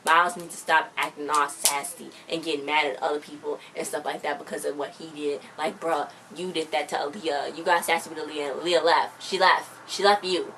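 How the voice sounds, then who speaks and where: A chatty young woman recaps a TV episode, sounding opinionated and slipping into little voices for the characters. Her voice sits a bit low, with faint noise in the background. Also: level tone, brisk, hardly any pauses, pushed and bright.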